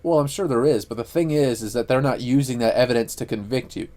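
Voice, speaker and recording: A man's voice: medium pitch, fast talker, dark tone. A man co-hosting a casual podcast, rambling and profane, with lots of fillers. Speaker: podcast co-host. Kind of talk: casual chat.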